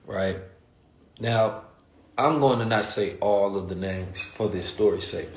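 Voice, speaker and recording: An American man hosting a casual show, telling a story in loose, slangy talk. He jumps into the voices of the people he describes, and his middling voice rings in a roomy space. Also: mid-range voice. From United States. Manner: animated, slangy, acts out quoted voices. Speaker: podcast host. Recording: roomy echo.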